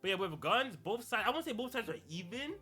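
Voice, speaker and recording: A man's voice: sits high, very animated, brisk, pushed and bright, slightly rough. A young adult man hosting a podcast, talking in casual, slangy solo commentary and laughing through his rants. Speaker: podcast host.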